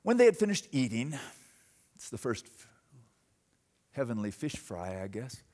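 A man preaching a sermon, telling a story with dramatic swings between loud bursts and hushed moments. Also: medium pitch, very animated, measured pace. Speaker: pastor.

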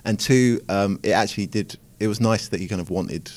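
A scientist hosts a podcast with a very low voice, and his words tumble out quickly. He rambles and pokes fun at himself. He keeps a casual, conversational tone. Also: a little mellow. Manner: fast, rambling and self-mocking. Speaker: podcast host, academic scientist. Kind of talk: casual chat.

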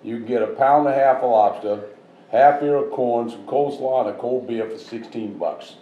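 A man's voice: mid-range voice, moderate pace, roomy sound, dull audio, a little hiss or hum. A man with a Boston accent, a jovial guest telling stories on a casual podcast panel.

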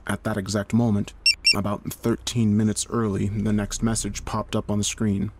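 A man narrating a horror story in a steady, measured storytelling manner. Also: on the low side, noisy background.

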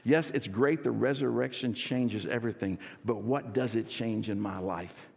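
Energetic pastor in a reverberant church. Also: male voice, medium pitch, moderate pace, gravelly, breathy edge. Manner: energetic, leads congregation in call and response. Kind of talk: sermon. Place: church sanctuary.

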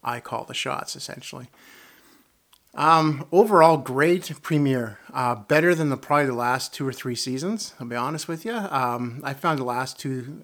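A man's voice: mid-range voice, gravelly, fairly bright tone. A man giving a casual, rambling review of a TV episode, chuckling as he retells the scenes. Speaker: TV show reviewer. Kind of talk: casual spoken review and rant.

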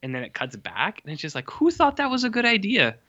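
This podcast co-host is a young man whose voice sits high and moves fairly quickly. He talks movies with casual energy, drops the occasional swear word, and squeals when imitating characters, all on slightly dull lo-fi audio.

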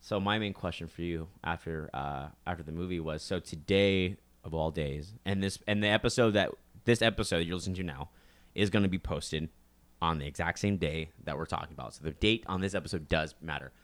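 A young man with a very low voice talks loosely on a podcast, restarting sentences and swearing casually. His chat is relaxed and conversational. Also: a little fast. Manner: rambling, swears freely, frequent restarts. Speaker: podcast co-host.

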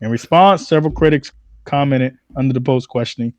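A man's voice: medium pitch, brisk, a little hiss or hum. A man hosting a casual podcast, reading news stories and arguing playfully with mock seriousness. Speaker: podcast host.

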